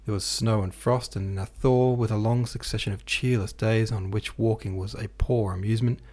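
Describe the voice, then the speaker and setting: A man reading a classic novel aloud as an audiobook narrator, with a measured, even delivery. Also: on the low side. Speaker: podcast host and audiobook reader.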